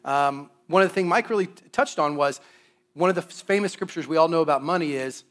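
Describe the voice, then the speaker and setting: Man, 30s, preacher, lively sermon, playful asides, fairly high voice. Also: brisk. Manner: animated storytelling, playful asides. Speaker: guest preacher on finances.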